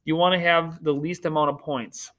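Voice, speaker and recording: A man's voice: a little high, steady tone, moderate pace, fairly bright tone. A man teaching a recorded remote math lesson to children, upbeat, cracking corny jokes and teasing himself, talking through a screen share.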